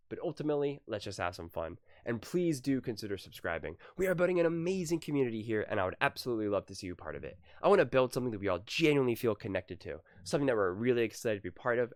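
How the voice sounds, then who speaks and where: A man delivers heated solo sports commentary at a middle pitch, hammering his points with repeated words. The sound is dry and close, with no room echo. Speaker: sports commentary channel host.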